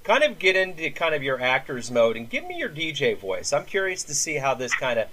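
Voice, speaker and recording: A man's voice: on the high side, big pitch swings, fairly quick, sharp tone, slight background noise. Laid-back man hosting a jazz show. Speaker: jazz show host, interviewer. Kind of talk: casual interview.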